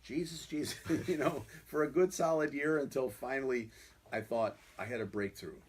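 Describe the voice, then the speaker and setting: A man's voice: mid-range voice, animated, normal speed, breathy edge. A man who is a guest musician, telling stories in a rambling way, full of "you know" fillers. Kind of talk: conversational storytelling.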